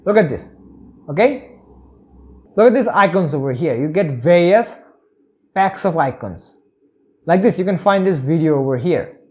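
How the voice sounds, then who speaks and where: A man's voice: on the high side, animated, moderate pace, long pauses. A man teaching web development in a screen-recorded tutorial, talking through each click and often checking in with "okay?". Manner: talks through each click, repeats "okay?" and "over here".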